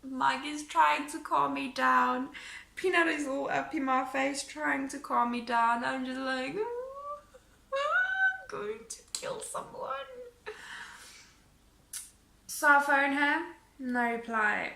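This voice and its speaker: Woman vlogger, animated storyteller, gravelly voice, echoey room. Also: high-pitched, a little slow. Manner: animated retelling, acting out quotes. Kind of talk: casual storytime vlog.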